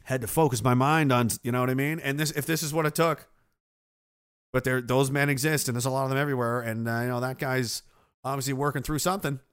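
A man hosts a live show in a fast, steady, medium-pitched voice with a clean tone. It's a casual livestream rant, full of sarcasm and swearing, and he reads viewer chat comments aloud.

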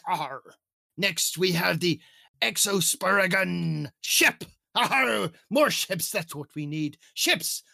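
A man's voice: high-pitched, expressive, slow, gravelly, pushed and bright, dry recording, clean studio sound, full character voice. A man putting on a hammy pirate captain voice, growling "arr" as he reads out a list. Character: gruff male pirate captain reading a store list. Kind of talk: goofy pirate voice bit.

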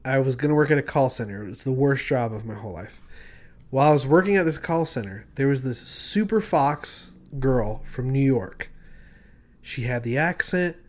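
A man's voice: mid-range voice, moderate pace. Laughing storytelling man on a podcast. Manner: animated storyteller, laughs often, mimics voices in anecdotes. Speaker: podcast co-host. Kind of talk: casual chat.

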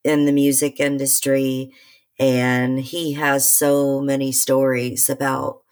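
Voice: mid-range voice, level tone, takes it slowly, a little mellow. A podcast host chatting casually, playful and encouraging.

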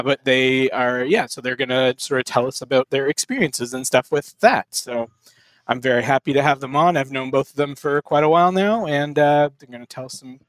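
A young adult man hosting a casual podcast from a hotel room, relaxed and rambling, with plenty of fillers. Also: mid-range voice, dry recording. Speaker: podcast host.

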